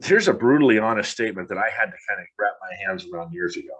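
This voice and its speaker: A middle-aged man with a fairly low voice, talking straight into the mic in a blunt monologue. He sounds frustrated and curses freely as he pushes the listener to stop making excuses. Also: expressive, very fast, fairly bright tone, breathy edge. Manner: blunt, frustrated, swears casually. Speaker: podcast host. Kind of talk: motivational podcast monologue.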